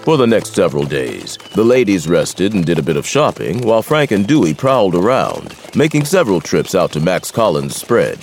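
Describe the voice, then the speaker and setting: A man giving scripted narration of a western story in a steady storytelling manner. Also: low-pitched, normal speed, gravelly, hardly any pauses.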